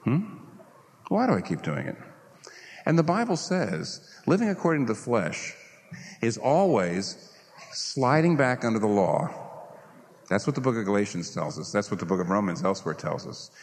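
Male preacher, sermon, lively swooping delivery, rhetorical questions, long hall reverb. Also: lowish voice, moderate pace. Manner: animated, rhetorical questions, acts out inner voices.

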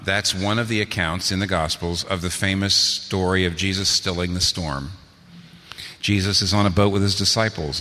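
Guy preaching a sermon, bright forceful voice, lots of rhetorical questions, big echoey hall. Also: low-pitched. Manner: rhetorical questions, rising to emphatic peaks. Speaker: pastor.

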